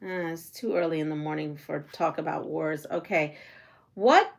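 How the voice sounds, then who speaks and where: A woman hosting a quilting live stream, chatting casually, answering viewer comments and trivia questions as she sews, with frequent giggles and some drawn-out phrases. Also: sits low, little pitch movement, vocal fry. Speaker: quilting channel host. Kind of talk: casual live-stream chat while sewing.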